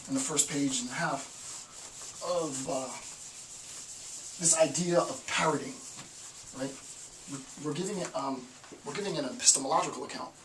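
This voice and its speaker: A man with a pushed, bright, medium-pitched voice gives an informal philosophy lecture in a conversational style, repeating phrases for emphasis. It's recorded in an echoey room with a distant mic and faint hiss.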